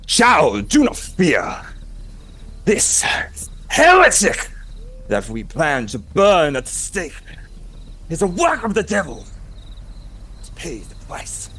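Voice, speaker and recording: A man's voice: fairly high pitch, wildly swooping pitch, slow pace, pauses often, fairly bright tone, slightly rough, exaggerated voice. A man voicing a tall, looming, zealous male witch hunter who preaches solemnly and fanatically.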